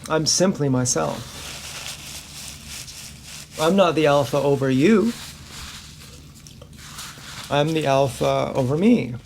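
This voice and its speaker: A man's voice: fairly high pitch, lively intonation, slow pace, gravelly, pauses often, darkish tone, a little hiss or hum. A man vlogging in a frank, rambling monologue to camera, swearing freely and laughing often.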